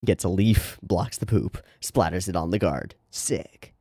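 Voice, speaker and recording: A man's voice: sits low, unhurried, mellow, no echo, studio quality. A man reading a comic aloud as a channel host, adding irreverent commentary and casual swearing.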